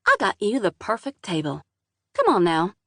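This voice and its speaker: A woman's voice: medium pitch, huge pitch swings, normal speed, sharp tone, no room sound, clean studio sound, full character voice. A woman voicing a cheery middle-aged waitress with a folksy Southern US drawl who calls people sugar and honey. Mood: chirpy.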